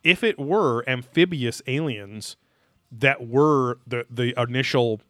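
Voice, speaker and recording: A man's voice: mid-range voice, slow, a bit bright, no room sound, studio quality. A man hosting a podcast, talking in a loose, rambling way, full of fillers and crude jokes. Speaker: podcast host. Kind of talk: casual commentary chat.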